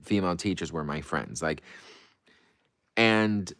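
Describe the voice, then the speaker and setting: A man's voice: deep voice, unhurried, a bit bright, dry recording, clean studio sound. A man hosting a livestream who reads out viewer comments and answers them in a playful, dramatic, gushing way. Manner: playful and dramatic, swings between breezy and gushing. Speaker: livestream host. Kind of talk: casual livestream chat reading comments.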